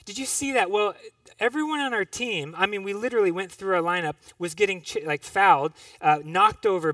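A man's voice: on the high side, a bit bright, dry recording, recorded from a distance. A young man speaking to a congregation, telling a personal story with restarts and self-deprecating asides. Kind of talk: sermon.

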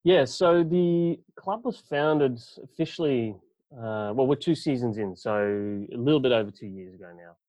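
A man's voice: medium pitch, moderate pace, mellow, no room sound, highs cut off. A Dutch man with a partly Australian accent, a guest chatting casually and rambling with many fillers. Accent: Dutch speaker with a partly Australian accent. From Netherlands. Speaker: guest, club representative. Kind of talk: casual podcast chat.

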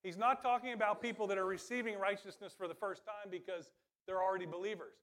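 A man's voice: high voice, steady tone, fast, a bit bright. A man preaching a sermon in a conversational way that builds to emphatic calls. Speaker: pastor.

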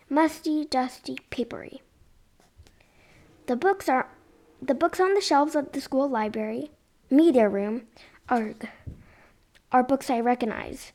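A woman's voice: high voice, a little mellow. A young woman reading a children's chapter book aloud expressively, with occasional whispered asides. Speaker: reader.

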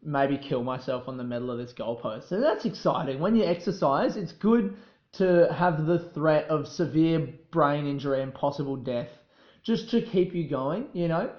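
Young aussie bloke rambling on his podcast, swears a lot, keeps going off track, voice a bit high, kinda echoey and dull sound. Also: lively intonation, normal speed. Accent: Australian. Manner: rambling, profane, self-mocking, easily sidetracked. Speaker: podcast host. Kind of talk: casual solo podcast chat.

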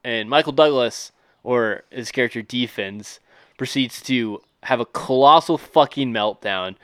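A man's voice: mid-range voice, measured pace, a bit bright, dry recording. A man co-hosting a podcast, summarizing a film in a rambling way with many fillers. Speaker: podcast co-host. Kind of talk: casual podcast chat.

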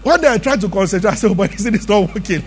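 High-voiced pastor preaching. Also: male voice, expressive, racing. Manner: emphatic, conversational preaching with rhetorical questions. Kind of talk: sermon.

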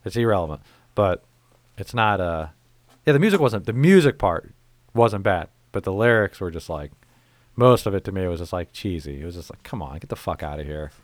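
Low-voiced man ranting profanely. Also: very animated, moderate pace, no room sound. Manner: rambling, profane, exasperated storytelling. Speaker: podcast host. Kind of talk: casual profane podcast chat.

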